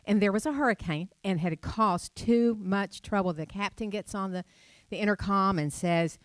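A woman's voice: medium pitch, normal speed. A middle-aged woman delivers a sermon in a chatty, storytelling way. She asks her listeners rhetorical questions. The sound is dry and close, with no room echo. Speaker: preacher.

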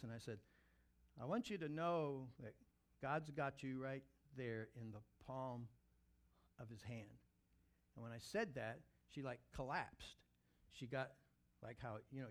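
A man, a pastor, telling a story in a sermon, animated and acting out the scene. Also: fairly high pitch.

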